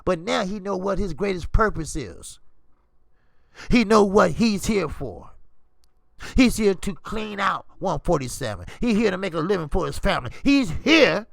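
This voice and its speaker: A man's voice: high-pitched, moderate pace, gravelly, no echo, clean studio sound. A man hosting a boxing livestream, talking casually and emotionally with lots of swearing. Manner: animated, swearing, emotional storytelling.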